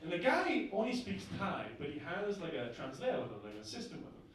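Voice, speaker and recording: Onstage at a comedy club, a young man from northern England keeps his set conversational, checking in with "right?" after every point. His quick, slightly bright delivery swings hugely in pitch. Heard from afar in a boomy, heavily reverberant room, with slight noise and audience laughter.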